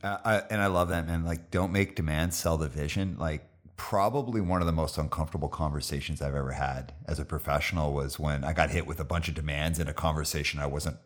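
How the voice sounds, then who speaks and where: A podcast host with a very deep voice talks in a loose, friendly way. He fills his sentences with "like" and relates the guest's story to his own. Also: fast. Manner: relaxed, conversational, uses "like" often. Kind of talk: casual interview chat.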